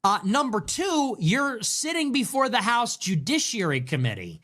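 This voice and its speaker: A man's voice: extremely high pitch, sing-song, normal speed, a bit bright. A man giving ranting livestream commentary on politics, sarcastic and incredulous, mocking what he quotes.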